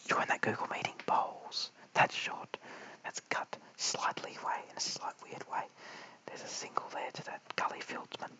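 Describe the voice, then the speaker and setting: An Australian man giving whispered cricket commentary late at night at home, mic held very close, hushed and apologetic as he chats with viewers. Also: rough recording. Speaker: live stream cricket commentator. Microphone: held very close to the mouth.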